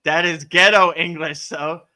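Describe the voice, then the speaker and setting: A man's voice: on the high side, steady tone, unhurried, bright, forceful tone. A man hosting a live yoga Q&A, chatting casually and laughing often, with lots of "you know" and "right". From United States. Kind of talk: casual livestream chat and spiritual teaching.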